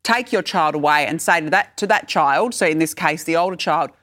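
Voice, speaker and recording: A woman's voice: low-pitched, a little fast. A woman hosting a casual panel chat, arguing her point persistently. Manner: persistent, argumentative, animated. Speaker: host.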